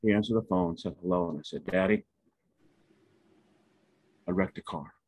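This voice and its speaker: A man's voice: low voice, moderate pace, a little mellow. Older man telling folksy stories. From Pawnee, Oklahoma. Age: 70s. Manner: folksy, meandering with self-corrections. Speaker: retiree telling his life story. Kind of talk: personal storytelling. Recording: dull lo-fi recording.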